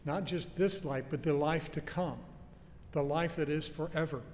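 A man preaching a sermon in an earnest, emphatic way, slowing down to stress key phrases. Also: fairly high pitch. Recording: faint noise and long hall reverb.

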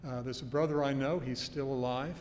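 A man's voice: fairly even intonation, fairly quick, darkish tone. A man preaching an expository sermon, teaching earnestly with emphatic stresses and homely anecdotes. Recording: long hall reverb with faint low rumble.

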